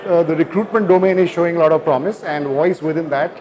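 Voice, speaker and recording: A man's voice: fairly high pitch, fast, darkish tone. Hesitant man with an Indian English accent. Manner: hesitant, many fillers, earnest. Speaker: company founder, guest. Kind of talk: conference interview. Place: conference hall.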